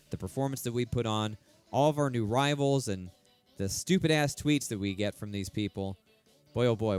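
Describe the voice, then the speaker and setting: A young man commenting on his racing game career, sarcastic and openly swearing at rivals. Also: medium pitch. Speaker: sim racing streamer.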